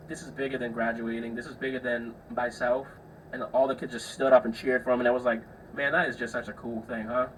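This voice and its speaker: A man's voice: medium pitch, far from the mic, a little hiss or hum, poor audio. A young man hosting a podcast, telling stories in a loose, chatty way, swearing freely and acting out the people he describes. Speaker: podcast host. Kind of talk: casual solo storytelling.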